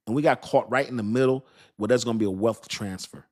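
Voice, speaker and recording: Animated man talking crypto, laughing often. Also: medium pitch, quick pace. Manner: animated, repetitive, laughs at his own lines. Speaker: crypto channel host. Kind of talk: casual livestream talk, reading chat.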